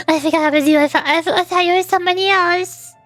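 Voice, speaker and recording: A woman streaming and chatting casually with viewers, talking fast when excited and laughing often. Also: very high-pitched, no echo, soft background music. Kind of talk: casual livestream chat.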